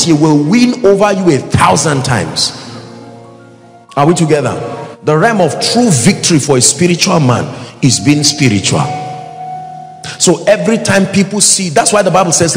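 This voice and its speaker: A man's voice: on the high side, vocal fry. A man with a Nigerian accent preaching a sermon in a large church hall, emphatic and rhythmic, asking the congregation to respond and sometimes breaking into song. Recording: echoey hall with music behind.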